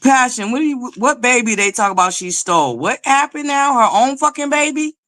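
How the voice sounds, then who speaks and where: A woman's voice: on the high side, expressive, a little fast, fairly bright tone, no room sound. A woman hosting a casual livestream chat, talking straight to her viewers in a sassy, joking way, laughing often. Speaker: livestream host.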